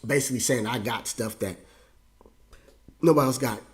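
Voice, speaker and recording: A man in his forties, a pastor hosting his own show, telling a personal story with feeling and frequent repetitions, his voice jumping high when moved. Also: moderate pace. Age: 40s. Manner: emotional, repeats himself, voice rises high when moved.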